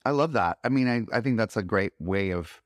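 A man's voice: fairly low pitch, lively intonation, a little fast, dry recording. A man co-hosting a podcast, talking reflectively and affirming what the others say. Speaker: podcast co-host. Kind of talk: casual conversation.

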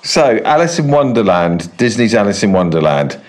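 A man's voice: on the low side, very animated, moderate pace. A man co-hosting a comedy podcast, prodding his partner with teasing questions. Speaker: podcast co-host. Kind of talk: casual comedy chat.

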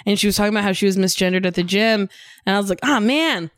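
A woman guest on a podcast in casual chat, animated and self-deprecating, laughing easily. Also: medium pitch, very fast, no room sound, clean studio sound.

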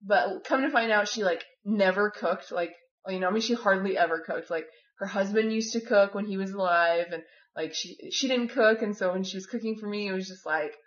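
A woman's voice: mid-range voice, brisk. A woman telling a personal story in a casual, rambling way, filling her speech with "like" and "you know". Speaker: former volunteer living with a host family. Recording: dull, echoey room recording.

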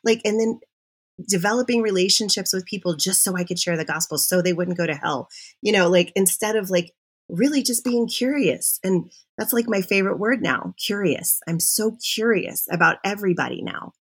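A middle-aged woman, a podcast guest, telling her personal story in an animated, confessional way. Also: mid-range voice, moderate pace, slightly rough. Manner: animated and confessional, with self-interruptions.

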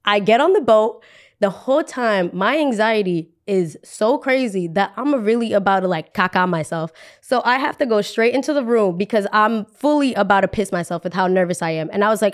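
A young New Jersey woman hosts a podcast, telling a dramatic story and acting out the quoted voices with lots of life. Her pitch is medium.

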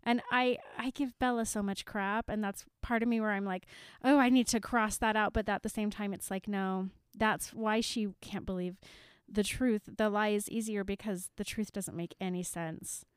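A woman's voice: medium pitch, moderate pace, clean tone, no echo, studio quality. A woman co-hosting a casual chat about a book, joking and breaking into laughter. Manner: animated, joking, bursts of laughter. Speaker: podcast co-host.

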